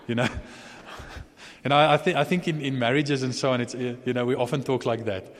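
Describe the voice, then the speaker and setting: A man preaching a sermon in a relaxed, chatty way, often restarting and chuckling. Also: mid-range voice, moderate pace, a little hiss or hum. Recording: long hall reverb.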